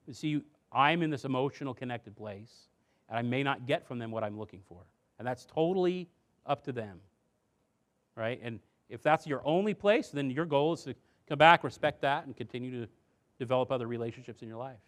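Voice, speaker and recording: Speaking fairly quickly with lively intonation, a man presents a live seminar on parenting and addiction. He keeps it conversational, uses rhetorical questions and acted-out quotes, and turns soft and low for his earnest points.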